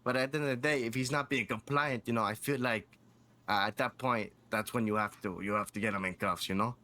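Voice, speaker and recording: A man's voice: medium pitch, fairly even intonation, a little fast, sharp tone. A man roleplaying a bounty hunter, talking in a rambling, earnest way full of "you know" and restarts. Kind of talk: in-character roleplay chat.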